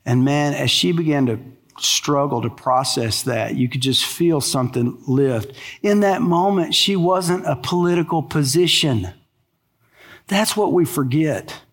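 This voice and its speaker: Male preacher, storytelling sermon, slightly high voice, long hall reverb. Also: a little slow. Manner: storytelling, drops to a hushed low voice in sad parts. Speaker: pastor.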